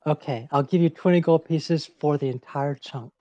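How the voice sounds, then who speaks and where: Mellow deadpan tabletop player. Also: mid-range voice, normal speed, no echo, dull audio. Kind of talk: casual tabletop role-play.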